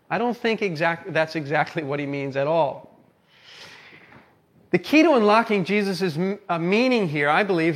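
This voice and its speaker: A man with a notably high-pitched voice delivers a sermon. His manner is earnest but conversational, and he often pauses to check in with listeners. He sounds like a pastor addressing his church. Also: a bit bright. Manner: earnest, conversational preaching with frequent "right?" and "okay?".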